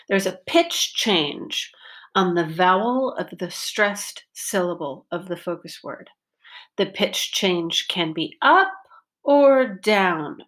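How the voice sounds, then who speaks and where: A woman teaching a pronunciation lesson, speaking slowly and carefully and drawing out words to show pitch changes. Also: fairly bright tone. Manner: slow and deliberate, stretches words to show pitch. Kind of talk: slow, careful classroom lesson.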